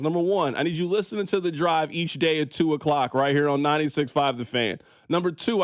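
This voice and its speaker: A sports radio host with a high, lively man's voice. He rants in an animated, exasperated way. The sound is close and dry, straight from a studio mic. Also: no room sound. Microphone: studio microphone.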